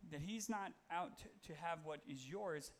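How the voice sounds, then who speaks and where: A man's voice: on the high side, a little slow, a little hiss or hum. A man giving a casual, conversational sermon, reading Bible verses and talking them through with fillers and self-corrections. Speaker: preacher.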